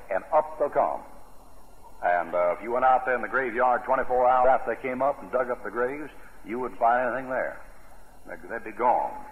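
Folksy preacher on tinny old radio. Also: male voice, mid-range voice, in a large hall. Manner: folksy, emphatic preaching with colloquial grammar. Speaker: pastor. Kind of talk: sermon.

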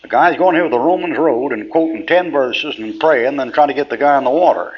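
A man's voice: medium pitch, a little fast, breathy edge. A man giving a classroom Bible lecture in a folksy, blunt and plainspoken way. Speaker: Bible teacher. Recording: dull lo-fi tape with faint hiss.

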